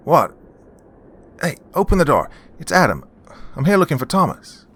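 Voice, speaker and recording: A man voicing a jumpy, nervous younger man who talks in an anxious, hurried way, pitched well above his own voice and louder. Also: big pitch swings, husky, full character voice.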